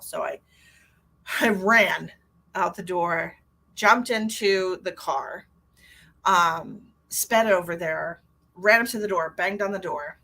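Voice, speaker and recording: A woman's voice: fairly low pitch, slow pace, vocal fry, pushed and bright. A middle-aged woman, a psychic medium, chatting casually on a live stream and telling a story. She laughs often and greets viewers by name.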